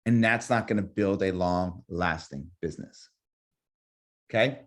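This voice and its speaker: A man teaching real estate agents in a live webinar, energetic, repeating key phrases and acting out sample sales calls. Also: deep voice, unhurried.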